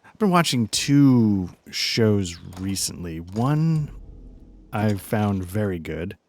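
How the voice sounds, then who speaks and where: A man's voice: fairly low pitch, very animated, takes it slowly, a little mellow. A man hosting a let's play, chatting casually and rambling through self-deprecating asides while he games. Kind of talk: casual commentary while gaming.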